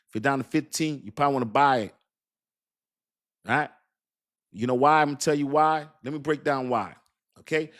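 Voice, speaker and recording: A man streaming casual, emphatic commentary to his viewers, repeating himself and asking them questions. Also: medium pitch. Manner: emphatic, repetitive, talks straight to viewers with "y'all" and "you understand"; laughs and jokes about his own accent. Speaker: crypto streamer. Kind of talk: casual hype commentary to a live chat.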